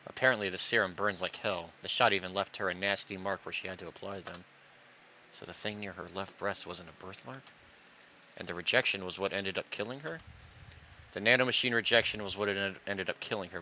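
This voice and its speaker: Deep-voiced man reading game dialogue. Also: fairly quick, bright, forceful tone, a little hiss or hum. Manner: reads every character's lines himself, acting out stammers. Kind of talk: voicing visual novel dialogue. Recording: dull lo-fi recording.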